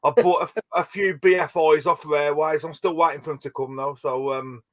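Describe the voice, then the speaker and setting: A man's voice: on the high side, fairly even intonation, fairly bright tone. A man chats casually on a live stream, agreeing often and jumping in with short remarks. His voice sits a little above the usual for a man. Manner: chatty, agreeable, quick to chime in. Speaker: co-host guest.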